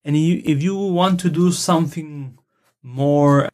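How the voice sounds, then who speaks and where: A man's voice: fairly high pitch, darkish tone. Man patiently teaching phrases. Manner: patient, repeats words slowly for learners. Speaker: Spanish teacher. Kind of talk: casual language lesson.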